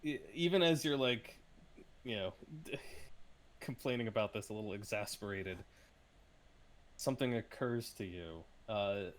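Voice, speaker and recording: A man's voice: on the low side, measured pace, pauses often. A man narrating as game master of a tabletop game, hesitant, with many ums and uhs.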